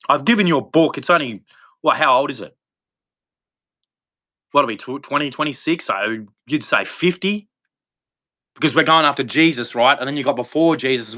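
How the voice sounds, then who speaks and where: A man rants on a livestream about faith, his voice pitched a little high and pushed hard with a tense, forceful edge. He rambles from point to point and leaps upward in pitch whenever he stresses something. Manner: rambling, preachy, jumps in pitch for emphasis. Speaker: livestream host. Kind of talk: impassioned religious monologue.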